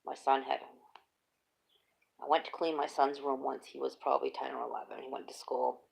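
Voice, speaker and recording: A middle-aged woman chats casually, telling lively stories and laughing often. Her voice sits low with a gravelly, fry-heavy texture. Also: normal speed. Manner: animated storytelling, laughs often. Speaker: host. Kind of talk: casual chat.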